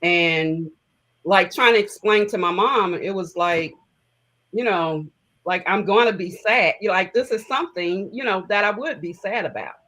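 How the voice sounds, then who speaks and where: A middle-aged woman, a guest in an interview, recounting personal memories in a reflective, heartfelt way with halting phrases. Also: mid-range voice, fairly bright tone, poor audio.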